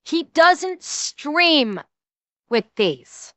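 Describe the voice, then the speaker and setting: A young woman streamer giving profane, excitable reaction commentary, rambling with restarts. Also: sits high, very slow, no echo. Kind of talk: casual livestream reaction commentary.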